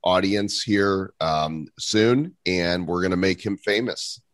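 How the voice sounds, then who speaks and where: A man's voice: deep voice, takes it slowly, dry recording. A middle-aged man hosting a podcast interview, jovial and teasing in casual chat. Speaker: podcast host.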